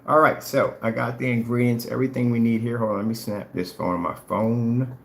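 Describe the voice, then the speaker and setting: A man's voice: mid-range voice, steady tone, fairly quick, creaky. Taunting, boastful man in an echoey room. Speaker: vlogger selling paint products. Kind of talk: trash-talking challenge vlog.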